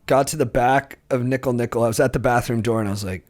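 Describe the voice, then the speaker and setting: Man telling a story with animated delivery. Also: medium pitch, quick pace. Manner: animated, acts out quotes, laughs through his stories. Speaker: comedian guest. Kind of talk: casual podcast storytelling.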